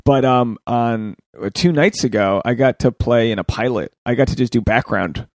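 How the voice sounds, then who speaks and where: Male podcast host, mid-pitch, animated storyteller who swears, dry close mic. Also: normal speed, no echo. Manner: animated storyteller, swears freely, acts out quotes. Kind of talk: casual podcast chat.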